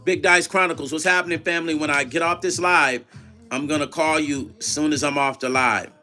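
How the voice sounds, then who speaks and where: Man, middle-aged, livestream host, bright slightly high voice. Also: steady tone, fairly quick, faint music behind. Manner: reads viewer chat aloud and retells calls in quoted dialogue. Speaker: vlog host. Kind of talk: casual livestream storytelling.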